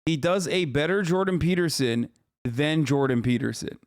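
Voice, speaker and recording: A man's voice: on the high side, expressive, moderate pace, no echo, studio quality. A man in his thirties streaming live, reacting bluntly with emphatic, profane asides.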